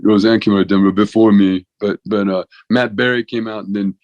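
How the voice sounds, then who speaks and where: A man's voice: on the low side, level tone, fairly quick, darkish tone, no room sound, dull audio. Older man telling rambling stories. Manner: talkative, full of restarts and "you know". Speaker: podcast guest, veterinarian and comedian. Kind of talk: rambling conversational storytelling.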